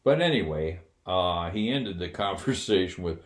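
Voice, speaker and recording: An older man with a very low, deep voice spins a wry, candid yarn from his service days, loose and conversational, with plenty of "uh"s. The sound carries a noticeable roomy echo. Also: animated, normal speed. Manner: wry, candid, with frequent fillers and chuckles. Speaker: retired Air Force officer telling a story. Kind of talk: casual anecdote storytelling.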